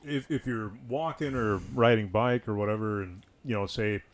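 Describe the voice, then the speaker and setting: Easygoing low-voiced man. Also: normal speed. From Wisconsin. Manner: easygoing, agreeable, hesitant fillers. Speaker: beer vlog co-host. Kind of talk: casual chat.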